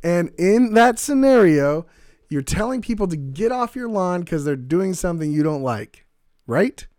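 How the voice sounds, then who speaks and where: A man's voice: high-pitched, sing-song, unhurried, a little mellow, no room sound. Sarcastic man on a dry mic. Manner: combative, sarcastic, laughs often. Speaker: podcast co-host. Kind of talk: casual chat.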